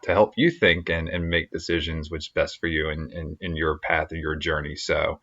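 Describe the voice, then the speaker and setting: A man co-hosting a podcast, talking in a relaxed, easygoing way. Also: extremely low pitch, moderate pace, hardly any pauses, muffled recording. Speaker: podcast co-host. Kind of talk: casual chat.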